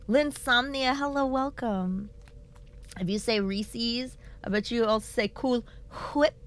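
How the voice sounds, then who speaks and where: A woman streaming live, chatting casually with her viewers, reading their messages aloud and laughing often, talking into a desk microphone. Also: a little high. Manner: playful, animated, reads chat aloud, laughs often.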